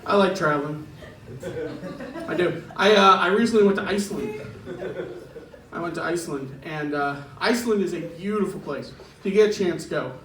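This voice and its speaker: A man's voice: sits high, normal speed, long pauses, roomy sound, far from the mic, a crowd in the background, poor audio. A man doing a stand-up set in a club, chatty and chuckling through his punchlines. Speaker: stand-up comedian. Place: comedy club stage.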